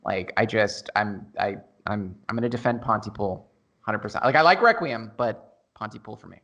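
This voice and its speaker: A man's voice: on the low side, normal speed, a bit bright. A man on a film podcast panel, casually debating movies with self-deprecating jokes.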